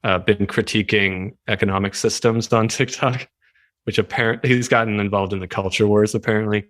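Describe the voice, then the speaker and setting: A man chats as an interview guest, animated and quick to laugh. His voice sits a little low, and it is recorded dry and close. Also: no echo. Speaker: writer, guest. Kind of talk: casual chat.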